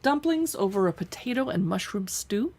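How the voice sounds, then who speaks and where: A woman live streaming as she pages through cookbooks, chatting casually and reading recipe lists aloud as she thinks out loud. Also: medium pitch, lively intonation, moderate pace. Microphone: streaming setup.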